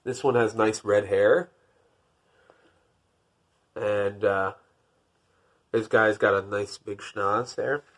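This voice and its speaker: A man reading a picture book aloud, lifting his voice for the narration and dropping to wry, deadpan jokes in between. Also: takes it slowly, long pauses. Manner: wry, deadpan joking asides; rises for narration, drops low for asides. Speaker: podcast host.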